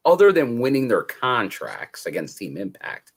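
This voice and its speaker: A male co-host breaking down wrestling matches in casual banter, with a playful, teasing streak. His voice is husky and mid-pitched, and his intonation leaps all over the place. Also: wildly swooping pitch, moderate pace. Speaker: podcast co-host. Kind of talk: casual wrestling review chat.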